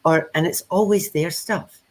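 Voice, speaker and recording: Woman telling lively stories. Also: lowish voice, measured pace, low-quality recording. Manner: animated storyteller who acts out quoted dialogue. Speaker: co-host of a spiritual chat. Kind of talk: casual chat.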